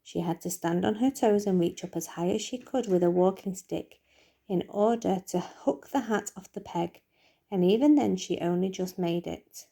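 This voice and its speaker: Woman with a gravelly, mellow voice reading aloud. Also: medium pitch, moderate pace. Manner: lively, expressive storytelling. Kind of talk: reading a children's book aloud.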